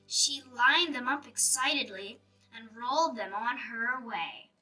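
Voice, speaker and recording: A woman reading a rhyming children's storybook aloud in a slow, expressive, sing-song way. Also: a little high. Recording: voice a bit distant, faint music behind.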